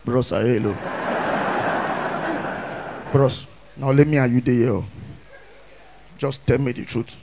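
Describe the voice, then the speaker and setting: A hard Nigerian street tough, deep and slow, every word a quiet threat, as a comedian puts him on. The voice drops far below the speaker's usual high tone. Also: male voice, vocal fry, very noisy. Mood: menacing.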